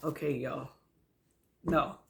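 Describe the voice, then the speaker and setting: A woman's voice: low voice, steady tone, slow pace, vocal fry, background noise. A middle-aged woman chatting casually while she cooks in her home kitchen, laughing often and talking straight to her viewers. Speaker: home cook vlogger. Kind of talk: casual cooking chat.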